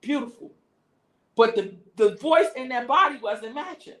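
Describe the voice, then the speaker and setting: Brief: woman host, lively cussing storyteller, fairly high voice, roomy echo. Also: moderate pace. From Washington, D.C. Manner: animated, profane storyteller who acts out quotes. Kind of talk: casual storytelling on a live stream. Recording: echoey room.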